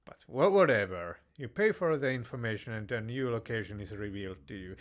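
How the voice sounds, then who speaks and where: A man's voice: lowish voice, lively intonation, brisk. A man playing a text strategy game. He reads the game text aloud and comments in a hesitant way, with many fillers and restarts and joking mock-tyrant verdicts. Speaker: game player.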